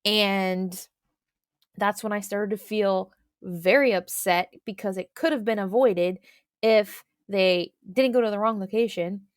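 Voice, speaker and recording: A woman's voice: medium pitch, fairly even intonation, a little slow, clear, resonant tone, no echo, studio quality. A woman co-hosting a podcast, telling a story casually and rambling with many filler words. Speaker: podcast co-host.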